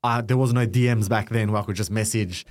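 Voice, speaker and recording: Young man, Australian accent, casual podcast chat, somewhat low pitch, acts out quotes. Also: fast. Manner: animated storytelling with acted-out quotes. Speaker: guest content creator.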